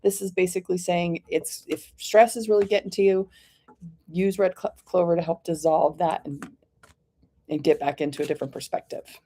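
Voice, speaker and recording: A woman giving live oracle card readings to viewers, calling them by name in a gentle, reassuring, chatty way and often clearing her throat. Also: lowish voice, fairly even intonation, normal speed, slight background noise.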